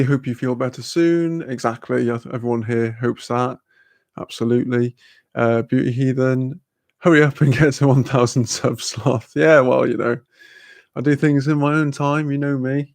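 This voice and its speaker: Gravelly laid-back man. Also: mid-range voice, a little mellow, dry recording. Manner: laid-back, laughs often, swears casually. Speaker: livestream host. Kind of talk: casual chat reading out viewer comments.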